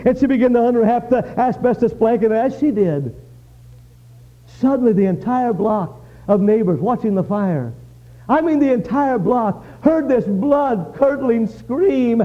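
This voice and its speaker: A man's voice: very high-pitched, animated, normal speed. A man preaching a revival sermon, telling a dramatic story with rising passion and pointed questions to the congregation. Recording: dull lo-fi recording.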